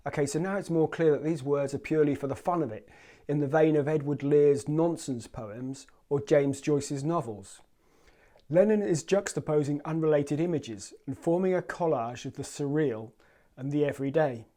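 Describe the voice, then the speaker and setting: A man hosting a poetry channel, giving scripted commentary on song lyrics and reciting them in a measured way. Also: on the high side, mellow. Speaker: host.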